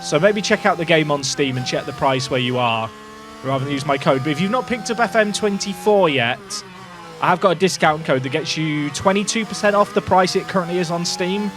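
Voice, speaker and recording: Excitable high-voiced streamer. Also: male voice, fairly quick, music in the background. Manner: excitable, jokey, shouting at the screen. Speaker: streamer playing a racing management game. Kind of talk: live gameplay commentary.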